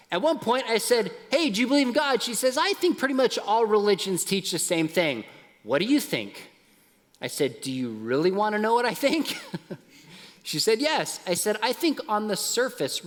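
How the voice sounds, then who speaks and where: A middle-aged man giving a lively talk at a youth conference, dropping soft and low at emotional points. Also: big-room sound. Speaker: conference speaker. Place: large conference hall.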